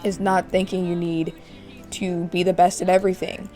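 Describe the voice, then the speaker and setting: A woman hosts a life-sim let's play, chatting through the story and speculating about her characters. Her voice is fairly low and mellow, with faint music underneath. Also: little pitch movement, moderate pace. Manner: chatty, narrates and speculates, with gasps and laughs. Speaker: gaming channel host.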